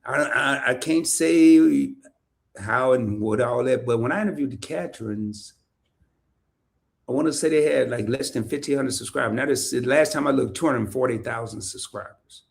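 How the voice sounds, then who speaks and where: A man hosting a casual livestream interview, chatty and animated, laughing often as he reads comments. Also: medium pitch, normal speed, creaky. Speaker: podcast host. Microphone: streaming setup, remote call.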